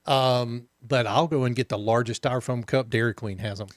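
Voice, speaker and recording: A man's voice: medium pitch, moderate pace, dry recording. Easygoing man chatting on a dry studio mic. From Southern United States. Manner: easygoing, wry, reads listener comments. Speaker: co-host. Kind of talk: casual chat. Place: radio studio.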